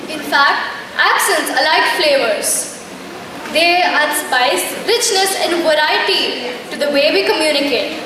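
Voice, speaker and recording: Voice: high voice, unhurried, far from the mic. A young woman presenting a school play in a playful, rhetorical scripted style. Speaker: stage presenter. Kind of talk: scripted stage announcing. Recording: echoey hall, from afar, noisy.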